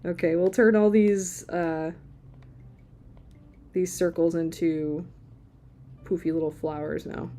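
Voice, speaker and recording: A woman's voice: fairly low pitch, steady tone, slow pace, long pauses, mellow, slight background noise. A woman streaming live as she draws, chatting casually in a rambling, playful way and laughing often. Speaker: livestream artist. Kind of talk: casual chat while drawing.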